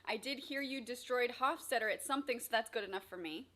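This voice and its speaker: A woman's voice: a little high, fast talker, crowd noise. A woman co-hosting a chat show, reading viewer messages aloud in an upbeat way. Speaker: co-host reading viewer tips. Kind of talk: casual chat.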